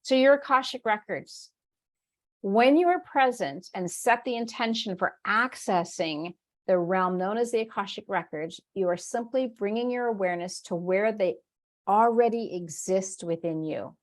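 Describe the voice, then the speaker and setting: At a moderate pace and medium pitch, a woman leads a spiritual workshop held live online. She shares stories conversationally and warmly, often laughing, and performs her inner voice in quoted asides.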